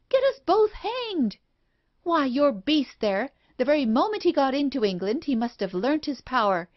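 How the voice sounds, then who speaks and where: A woman reading an audiobook, voicing a frantic, guilty woman accomplice in a shrill voice on a dull, lo-fi recording.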